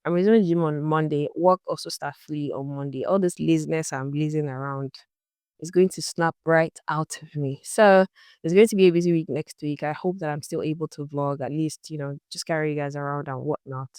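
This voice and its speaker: A woman's voice: low voice, steady tone, fairly quick, darkish tone, clear, resonant tone, dry recording, studio quality. A young woman talking casually to her camera in a vlog, chatty and exasperated as she tells a story. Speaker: vlogger.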